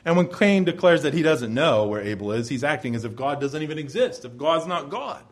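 A man preaching a verse-by-verse sermon, his voice sitting a little above the usual male range. He speaks in a measured, emphatic way and lets his phrases sink low and soft as they close. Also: lively intonation. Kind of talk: expository sermon.

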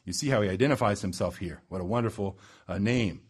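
Male preacher, sermon delivery, big swings from loud to hushed, slows on key words. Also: breathy edge. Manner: dramatic swings in pitch and loudness, slows for emphasis.

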